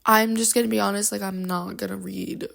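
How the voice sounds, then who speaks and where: A woman's voice: mid-range voice, flat delivery, fairly quick, vocal fry, a bit bright. A young woman chatting casually in a book vlog at home, bubbly and rambling, with lots of fillers, speaking into a handheld microphone. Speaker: book vlogger. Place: at home, moving between rooms.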